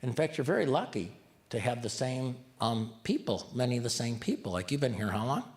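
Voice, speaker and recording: A man's voice: medium pitch, big pitch swings, fairly quick. A man giving a live community talk, joking and putting questions to the audience. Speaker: community speaker.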